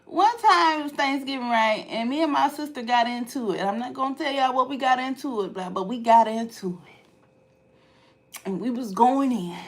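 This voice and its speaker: A woman vlogger from Ohio tells stories casually to her live chat, swinging between hushed asides and loud outbursts. Her voice is high and her speed normal.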